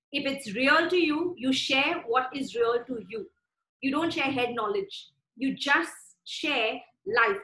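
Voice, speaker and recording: A woman's voice: high voice, sharp tone, roomy sound, poor audio. A woman preaching a sermon with fervent, conversational delivery and repeated phrases.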